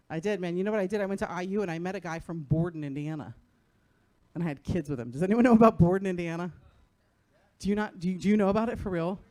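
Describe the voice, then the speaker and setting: A woman's voice: brisk, pauses often, warm tone. A middle-aged woman from New Jersey doing a profane stand-up set on a club stage, often laughing at her own lines. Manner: brash, profane, laughing often, acting out her son in a high voice. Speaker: stand-up comedian. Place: comedy club stage before a live audience.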